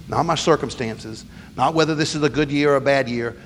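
A man's voice: medium pitch, fairly quick, slight background noise. A middle-aged man, a pastor, preaching a sermon earnestly and with emphasis, often stumbling and restarting. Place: church sanctuary. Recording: long reverb of a large hall.

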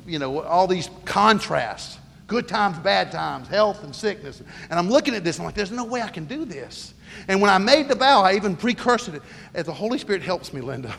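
In a big sanctuary with long reverb, a middle-aged pastor delivers his sermon in a high, gravelly, somewhat bright voice. He's earnest and emphatic but frequently trips over words and starts again, with a faint hiss or hum on the recording.

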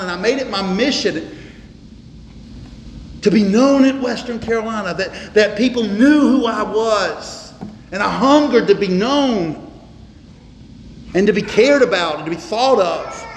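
High-voiced pastor in an echoey hall. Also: male voice, slight background noise. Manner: emphatic preaching, repeats words, slows for stress. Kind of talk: sermon. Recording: echoey hall, faint ambience.

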